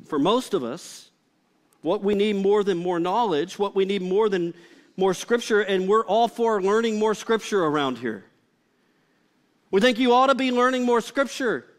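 Speaking at normal speed in a high voice, a male pastor delivers a live sermon that feels conversational and funny. He leans heavily on "like" as a filler.

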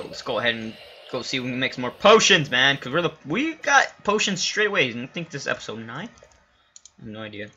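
A young man narrating his own game playthrough, chatting casually and flaring into excited shouts and swearing. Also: mid-range voice. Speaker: gamer. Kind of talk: Let's Play commentary. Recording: lo-fi home recording.

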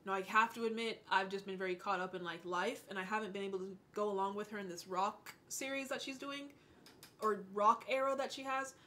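A woman in her twenties hosting a casual music reaction, gushing and excitable, swearing when she gets worked up. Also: medium pitch, fairly quick. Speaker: music reaction channel host.

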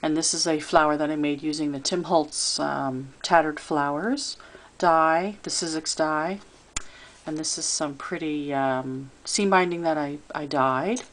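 Low-voiced woman chatting about her craft. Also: measured pace, slight background noise. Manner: chatty and relaxed, with fillers and little asides. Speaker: crafter showing her handmade album. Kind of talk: casual show-and-tell craft video. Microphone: camera she handles while filming.

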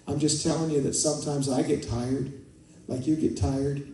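A man's voice: a little high, flat delivery, normal speed, dark tone, a little hiss or hum. A male pastor preaching a conversational sermon, telling stories and calling out to his congregation. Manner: conversational, storytelling, rising to fervent prayer. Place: church sanctuary. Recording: echoey church hall from far off.

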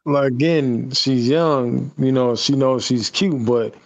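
A man's voice: medium pitch, fairly even intonation, slow, vocal fry. A man co-hosting a casual live stream, talking in a laid-back way full of "you know" and restarts. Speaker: stream co-host. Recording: slightly dull lo-fi audio.

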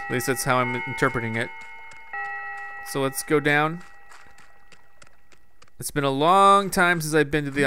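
A man's voice: mid-range voice, bright, forceful tone. Chatty man narrating his gameplay. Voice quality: chatty, thinks aloud and addresses viewers as "guys". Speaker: gaming video host. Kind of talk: casual gameplay commentary.

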